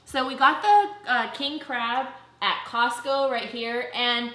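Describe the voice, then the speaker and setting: A woman's voice: on the high side, steady tone, slow pace, pushed and bright. A young woman hosting a casual food vlog at home, chatty and upbeat with lots of fillers. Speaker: YouTube vlogger host. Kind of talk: casual mukbang vlog chat. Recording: echoey room.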